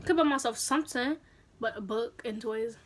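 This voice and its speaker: Chatty woman doing a story time vlog, high voice, lots of slang. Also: normal speed, slight background noise. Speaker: vlogger.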